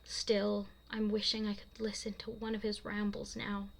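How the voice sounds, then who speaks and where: A young woman, the author, reading her own fiction aloud in a soft, casual way and laughing at her own slips. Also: medium pitch, completely flat delivery, normal speed, vocal fry, rough recording.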